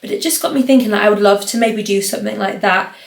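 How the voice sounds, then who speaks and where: A young woman chats through her week on her own podcast, rambling from one thing to the next and leaning on "like" as a filler. Her voice sits at an ordinary middle pitch. The room around her carries a noticeable echo. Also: fast, gravelly. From North East England. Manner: rambling, chatty, lots of "like" fillers. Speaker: podcast host. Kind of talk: casual solo podcast chat. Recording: roomy echo.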